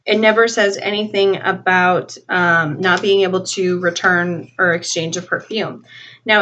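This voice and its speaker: A young woman vlogger telling an animated storytime rant, acting out a dialogue with lots of "like". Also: mid-range voice, a little hiss or hum. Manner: animated, acts out both sides of a dialogue, heavy use of "like". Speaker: beauty vlogger. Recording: slightly dull lo-fi home video audio.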